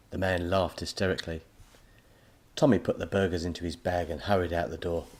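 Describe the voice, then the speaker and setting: A man narrating a children's audiobook in a lively storytelling manner. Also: sits low, a little fast.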